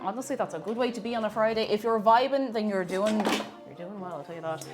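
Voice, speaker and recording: A woman's voice: fairly high pitch, expressive, fast talker, over music. A woman streaming herself baking, chatting casually and greeting viewers by name. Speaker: baking livestreamer. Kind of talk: casual chat while baking.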